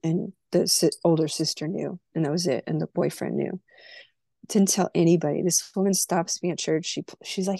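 A woman's voice: deep voice, steady tone, fairly quick, creaky, mellow, no echo, studio quality. A woman from California, a podcast guest, candidly telling a personal story and acting out the dialogue. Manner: candid, emotional, acts out quoted dialogue.

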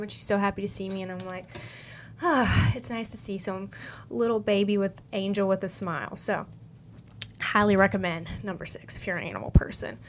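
A woman's voice: medium pitch, a little hiss or hum. Chatty young woman with a country accent. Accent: Southern US country. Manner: chatty, upbeat, heavy with "like" and "you know". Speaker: podcast host. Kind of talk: casual advice monologue.

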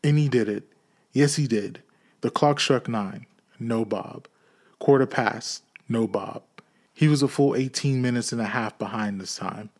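A man reading a classic novel aloud in a steady, measured storytelling way. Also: medium pitch. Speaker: audiobook reader.

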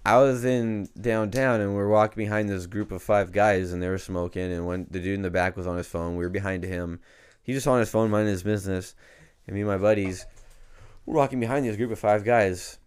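A young man co-hosting a podcast, telling a story in a laid-back, slangy way that gets animated. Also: fairly low pitch, brisk, smooth. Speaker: podcast co-host. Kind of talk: casual chat, storytelling. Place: home podcast studio.

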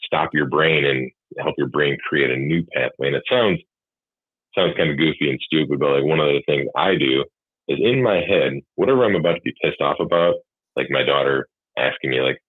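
Super deep husky guy rambling openly about being a dad, sounds like a phone line. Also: fairly quick, dry recording. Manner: candid, rambling, swears freely. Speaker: podcast guest talking about fatherhood. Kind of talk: casual chat.

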